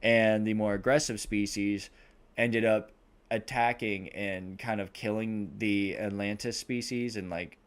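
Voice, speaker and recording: Speaking a little slowly in a smooth, fairly low, steady voice, this podcast co-host rambles through a movie plot. He swears nonstop and fills pauses with plenty of "uh" and "like."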